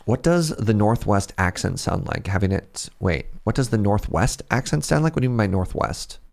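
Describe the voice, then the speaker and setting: Gravelly Canadian Pacific Northwest guy. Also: fairly low pitch, very animated, moderate pace. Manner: rambling, chatty, laughs often. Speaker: streamer playing a fishing game. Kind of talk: casual livestream chat with viewers.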